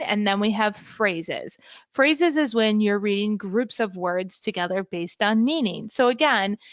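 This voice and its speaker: A woman giving an instructional talk to teachers, clearly explaining how to teach reading skills step by step. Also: medium pitch, a bit bright, dry recording, dull audio. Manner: clear, explanatory, modeling sample lesson language. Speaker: teacher educator.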